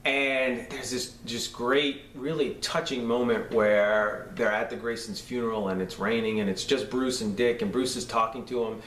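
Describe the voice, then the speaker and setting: A man's voice: mid-range voice, steady tone, moderate pace, hardly any pauses, fairly bright tone, recorded from a distance. Enthusiastic New York man, roomy and off-mic. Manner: enthusiastic, rambling with many fillers. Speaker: podcast host. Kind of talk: casual episode review. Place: room shared with a co-host. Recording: roomy echo, off-mic, faint noise.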